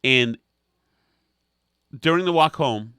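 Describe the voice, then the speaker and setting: A man's voice: medium pitch, takes it slowly, pushed and bright, clear, resonant tone, no echo, studio quality. A man co-hosting a comedy podcast, telling long self-mocking anecdotes in a rambling way. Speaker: podcast co-host. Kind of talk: comedic storytelling chat.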